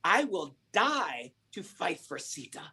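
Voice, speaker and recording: A man's voice: high voice, sing-song, slow pace, bright, forceful tone, breathy edge, pitched above the performer's own voice, heavily acted. A man voicing a brave, very old male vulture who speaks boldly and defiantly. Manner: bold, defiant.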